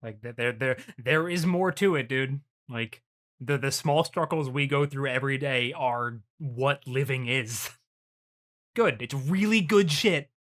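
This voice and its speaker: A co-host leads a casual podcast chat in a relaxed manner, swearing freely and laughing often. The voice is mid-range and a little slow.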